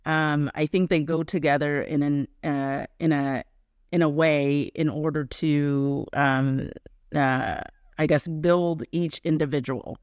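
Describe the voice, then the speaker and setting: Male interview host, fairly high smooth voice, dry close sound, halting questions. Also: fairly even intonation, no echo. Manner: halting, many fillers and restarts.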